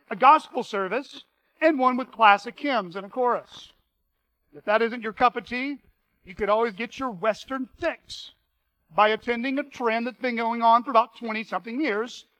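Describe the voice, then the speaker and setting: High-voiced bright male preacher. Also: no echo, poor audio. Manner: earnest, reads quotes aloud with emphasis. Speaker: pastor. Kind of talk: sermon.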